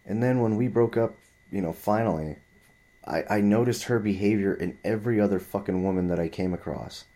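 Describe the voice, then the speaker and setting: A man's voice: lowish voice, brisk, mellow. A man in his twenties telling a story in a heated, profane, rambling rant. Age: 20s.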